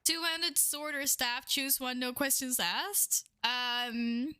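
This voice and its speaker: High, bright-voiced woman streamer. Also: slow pace, clear, resonant tone, no echo, studio quality. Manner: excited, swearing, laughing often. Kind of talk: casual live-stream chat.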